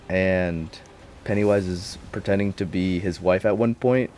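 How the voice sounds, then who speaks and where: A young man with a lowish voice rambles through a loose recap, loaded with slang and casual swearing. He jumps from point to point in an unscripted, chatty delivery. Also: dark tone, slight background noise. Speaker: vlogger.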